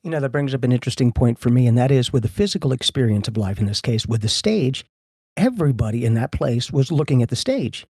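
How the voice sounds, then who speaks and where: Male co-host, husky, dry close sound, philosophical and aphoristic. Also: medium pitch, expressive, fast talker, a little mellow, no echo. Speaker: podcast co-host. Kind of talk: casual conversation.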